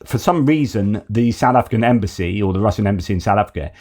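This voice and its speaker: The host of a news commentary channel, a man with a lowish, darkish voice, talks fast and animatedly through current events. He's conversational and opinionated, thinking aloud as he goes.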